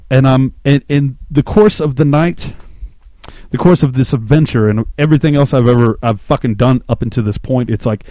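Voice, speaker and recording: A man in his thirties from Louisiana, telling a story on his podcast in a rambling, excitable, profane way. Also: mid-range voice, normal speed, no echo. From Shreveport, Louisiana, US. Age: 30s. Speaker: podcast host. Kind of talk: casual storytelling monologue.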